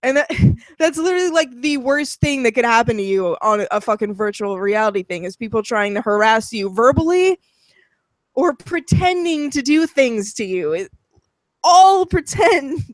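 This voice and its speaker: A woman's voice: a little high, expressive, moderate pace, no echo. A woman co-hosting a casual commentary chat, talking bluntly, swearing freely and rambling with fillers. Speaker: co-host.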